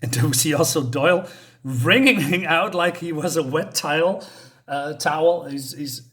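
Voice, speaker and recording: A man's voice: fairly high pitch, unhurried, a bit bright. A man giving a casual spoken comic book review, rambling with lots of fillers and restarts.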